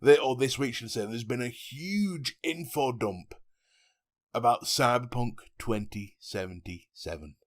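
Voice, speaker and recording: Animated man, lively pitch. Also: a little slow. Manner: animated, laughs often, jokey. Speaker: podcast co-host. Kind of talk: casual podcast chat.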